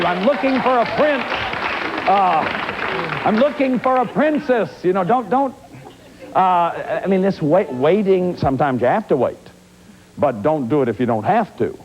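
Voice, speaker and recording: Animated man in his fifties lecturing. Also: high-pitched, background noise. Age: 50s. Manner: animated, acts out examples, frequent restarts. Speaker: therapist and lecturer. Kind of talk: self-help lecture. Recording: dull lo-fi recording.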